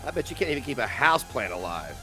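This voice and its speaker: Male streamer, animated, profane and mocking, faint music underneath. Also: medium pitch, fast talker. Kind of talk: ranting livestream commentary.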